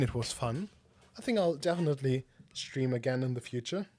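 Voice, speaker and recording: A man's voice: mid-range voice, normal speed, darkish tone. Rambling man chatting on a stream. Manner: rambling, self-deprecating, lots of fillers. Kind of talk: casual solo stream chat.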